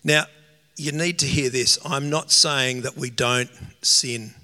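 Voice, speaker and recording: A man preaching a sermon in an earnest, emotional way, slowing down to stress key phrases. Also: medium pitch, fairly even intonation, sharp tone. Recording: long reverb of a hall.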